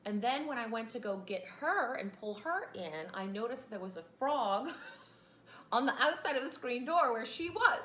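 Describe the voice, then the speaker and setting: A woman's voice: a little high, expressive, moderate pace, fairly bright tone, reverberant, a little hiss or hum. A woman, teaching a casual class and rambling into chatty asides.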